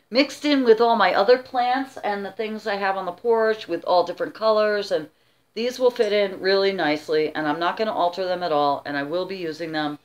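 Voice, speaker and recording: A middle-aged woman vlogger chatting casually while showing her auction finds, rambling with many asides. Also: on the low side. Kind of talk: casual show-and-tell chat.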